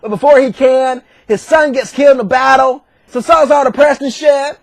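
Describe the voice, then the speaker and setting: A man retelling a story as crude, profane comedy, slipping into shouted character voices. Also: very high voice, steady tone, brisk, vocal fry, no echo. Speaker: comedic narrator.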